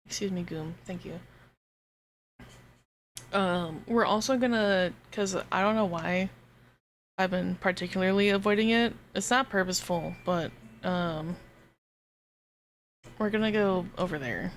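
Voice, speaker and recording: A woman streaming a game live, chatting casually to her viewers, giggling and swearing as she gets excited. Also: on the low side, a little slow, pauses often, slight background noise.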